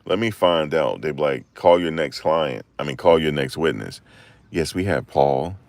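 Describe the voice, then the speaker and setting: A man tells casual stories in a very low, deep voice, slipping into acted-out quotes and slang. He is recorded close on a desk microphone with a dry, dead sound. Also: expressive, normal speed, gravelly, a little mellow, no echo. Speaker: channel host. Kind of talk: casual storytelling commentary.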